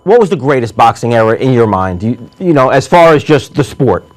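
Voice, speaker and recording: A man hosting a talk show, asking questions and encouraging his guest with quick remarks. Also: mid-range voice, very animated. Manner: encouraging, quick affirmations and laughs. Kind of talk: interviewing a guest.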